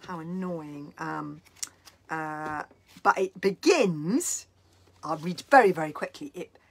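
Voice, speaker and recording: Very breathy woman reading aloud dramatically. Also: sits low, slow pace. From London, England. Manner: dramatic, swings from loud to whispered. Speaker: children's author. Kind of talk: reading aloud and answering questions. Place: home, indoors. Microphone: video call.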